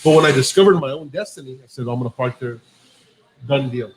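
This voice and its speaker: A man's voice: medium pitch, a little fast, a little hiss or hum, rough recording. A man hosting a podcast, telling a long profane story in a casual way and acting out the dialogue. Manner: profane, animated anecdote-telling with quoted dialogue. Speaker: podcast host.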